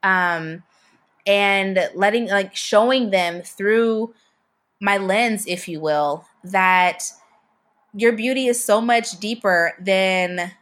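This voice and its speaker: A young woman, a photographer appearing as a podcast guest, tells stories casually in a slow, mid-range, slightly bright voice. She's chatty, full of fillers, and her sentences keep loosely restarting.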